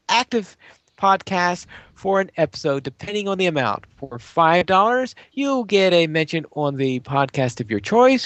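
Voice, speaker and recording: High, lively man running a podcast. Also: no room sound. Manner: formal phrasing, "very well", runs the segments. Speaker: podcast host. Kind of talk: casual podcast chat.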